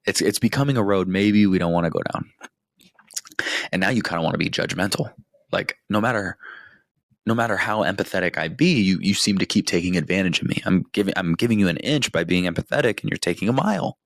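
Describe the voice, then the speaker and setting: Deep gravelly man giving blunt advice. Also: fast talker, dry recording. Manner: profane, conversational, keeps checking in with "right?". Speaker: podcast host. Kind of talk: casual advice monologue.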